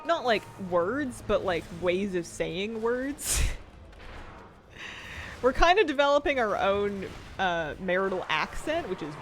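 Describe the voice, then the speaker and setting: A woman's voice: mid-range voice, sing-song, slow pace, soft background music. Giggly young woman streaming a game. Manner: chatty, giggly, answers chat. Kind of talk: casual gaming stream chat.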